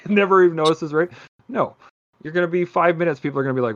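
A man's voice: on the high side, fast. Man, podcast host, swears a lot, rambling stories, muffled lo-fi sound. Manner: profane, rambling, animated storytelling. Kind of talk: casual chat.

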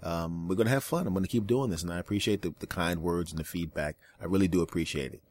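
A man's voice: low-pitched, fast, a little mellow. A man hosting a podcast, telling a comic story in an exasperated, ranting way and swearing for effect. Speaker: podcast host. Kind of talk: comedic storytelling monologue.

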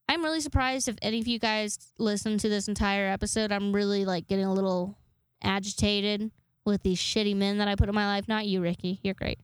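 A woman's voice: medium pitch, a little fast, clear, resonant tone, no room sound. A young woman hosting her own podcast alone, rambling casually with lots of swearing and self-deprecating asides. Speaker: podcast host. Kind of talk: casual solo podcast chat.

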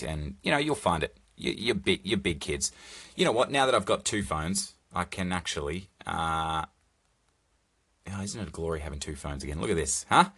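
Deep-voiced man rambling, profane and jokey. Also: a bit bright. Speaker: podcast host. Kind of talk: casual solo podcast chat. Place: recording alone on a phone. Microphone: phone.

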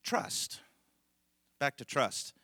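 A man's voice: drawn-out words, bright, forceful tone, dry recording, clean studio sound. A middle-aged male pastor telling a rambling, folksy story in a conversational sermon, laughing often.

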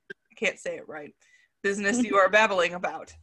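Woman hosting a podcast, bright forceful voice, giggly and self-conscious when she reads lines aloud. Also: medium pitch, moderate pace. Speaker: podcast host. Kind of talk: casual podcast chat reading out quiz quotes.

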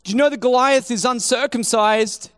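A brash young shepherd boy who can't stop oversharing, played by a preacher in a sermon. His voice sits high and keeps climbing with excitement. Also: moderate pace, smooth, no echo. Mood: confident. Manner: excited, chatty, raised voice.

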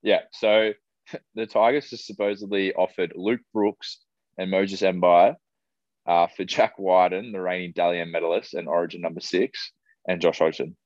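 A young man with an Australian accent co-hosting a casual podcast, chatty and relaxed. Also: low voice, moderate pace, dry recording. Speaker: podcast co-host. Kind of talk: casual chat. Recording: dry, dull lo-fi sound.

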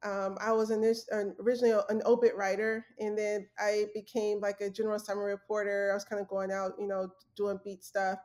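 A woman's voice: mid-range voice, flat delivery, fairly quick, few pauses, a little mellow. An earnest young adult woman telling her story in a casual interview, with fillers and restarts. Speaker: guest, former journalist.

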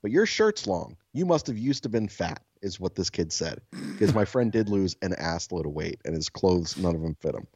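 In husky, low-pitched tones at normal speed, a man co-hosts a podcast, telling a profane story casually and animatedly acting out what people said. There's no echo, though the audio sounds dull.

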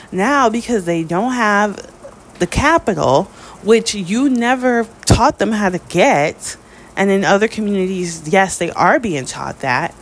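An American woman delivering a spoken opinion monologue, emphatic, with her pitch rising on key points. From United States.

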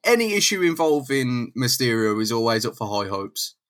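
A man's voice: medium pitch, very animated, moderate pace, fairly bright tone. A man co-hosting a podcast, reacting to the story and riffing on scenes with jokes. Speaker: podcast co-host. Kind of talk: casual chat about a comic book.

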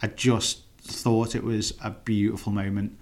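A man's voice: fairly low pitch, flat delivery. A man co-hosting a podcast, chatting casually and enthusiastically about a film. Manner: enthusiastic, chatty, quick to laugh. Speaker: podcast co-host. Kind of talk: casual film discussion chat.

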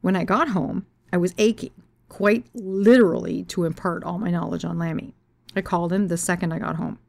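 A woman author reading her own story aloud, frank and expressive, swearing freely. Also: lowish voice, a little fast, creaky, no room sound. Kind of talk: storytelling reading of memoir and novel.

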